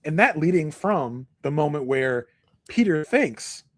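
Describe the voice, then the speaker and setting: A man talking through a film on a casual podcast, his pitch swinging widely as he acts out lines from the scenes. His voice sits a little high. The sound is dry and close. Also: unhurried, dry recording. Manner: animated, acts out characters' lines while retelling scenes. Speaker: guest film reviewer.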